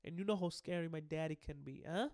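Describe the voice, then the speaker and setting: A man's voice: fairly high pitch, fast talker, a little mellow, dry recording, studio quality, natural voice. A man voicing a spoiled, cowardly young bully who sneers, swears and bosses people around. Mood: sneering.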